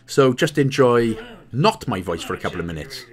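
A man's voice: mid-range voice, normal speed. A man with a Welsh accent giving playful, joking commentary as host of a game walkthrough. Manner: jokey, playful, animated.

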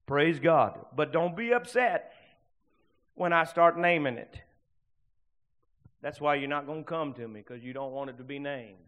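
Fervent bright-voiced preacher man. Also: on the high side. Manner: fervent preaching with swings between loud and hushed. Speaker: pastor. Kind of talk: sermon.

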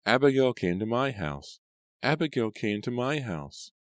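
Man putting on a ghost girl, girlish singsong, gleeful, taunting, pitched well up, dry close sound. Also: moderate pace, no echo, close to an everyday voice.

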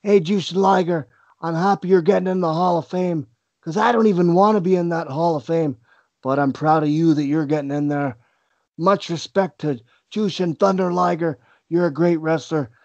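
A man doing an impression of a famous wrestler, teasing and boastful, in a slightly higher voice than his own. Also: steady tone, normal speed, a little mellow, dry recording, lightly acted. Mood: cocky. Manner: cocky, playful trash talk. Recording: dull lo-fi sound.

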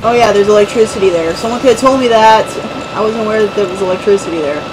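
High-voiced man rambling over gameplay. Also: quick pace, background noise. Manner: rambling, self-mocking, chuckling. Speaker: let's play host. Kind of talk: casual gameplay commentary.

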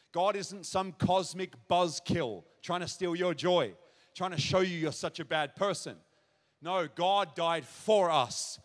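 A man giving his testimony as a pastor, telling the story vividly to a church crowd. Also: high-pitched. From Australia. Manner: storytelling, acts out shouted child's cries. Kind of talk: testimony sermon. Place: large church auditorium. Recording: long hall reverb.

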